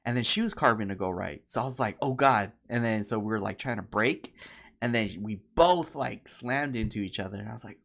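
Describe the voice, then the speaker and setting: A man co-hosting a podcast, chatting casually and telling stories, acting out quoted people in high voices. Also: fairly quick, creaky. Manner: animated storyteller, acts out quotes in high voices. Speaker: podcast co-host. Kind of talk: casual chat.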